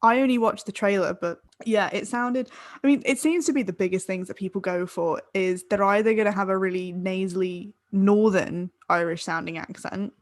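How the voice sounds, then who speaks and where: A woman's voice: medium pitch, fairly even intonation, normal speed, no echo. Giggly rambling young woman. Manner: rambling, laughing mid-sentence. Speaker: podcast co-host. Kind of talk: casual tipsy chat.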